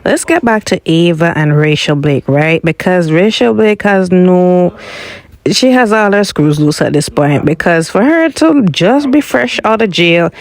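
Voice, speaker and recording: A woman's voice: fairly low pitch, lively intonation, unhurried. A woman giving a casual recap of a TV episode, rambling along and filling her talk with "you know" as she retells the scenes. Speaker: soap opera recap vlogger.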